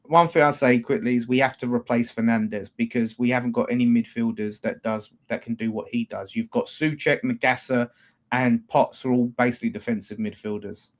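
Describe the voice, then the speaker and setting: A man's voice: mid-range voice, steady tone, brisk. A man co-hosting a football fan show, talking casually and bluntly, with plenty of swearing and restarts. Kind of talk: casual chat.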